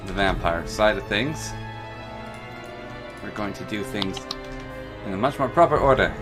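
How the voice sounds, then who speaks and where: A man chatting playfully through a gameplay stream, rambling with jokey asides. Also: fairly low pitch. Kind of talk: casual gameplay commentary. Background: background music and keyboard typing.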